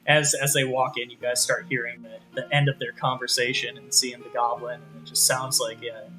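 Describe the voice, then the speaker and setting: A man narrating a tabletop game as game master in a relaxed, rambling way. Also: medium pitch, normal speed, few pauses, soft background music, rough recording.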